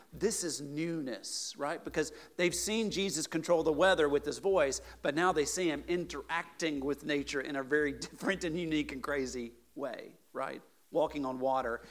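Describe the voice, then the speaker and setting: A man preaching a conversational sermon as a pastor, telling stories animatedly and checking in with the congregation with "right?" and "okay?". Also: on the high side. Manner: chatty, peppers points with "right?" and "okay?"; animated storyteller, builds to emphatic peaks.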